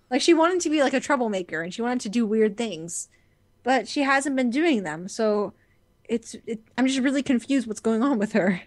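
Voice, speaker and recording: A woman co-hosting a casual fan podcast, giggly and animated, quick to laugh. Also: sits high. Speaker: podcast co-host.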